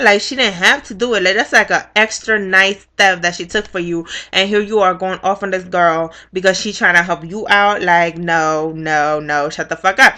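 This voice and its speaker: A young woman casually recapping a reality show, blunt and profane, with animated storytelling. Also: lowish voice, normal speed, hardly any pauses.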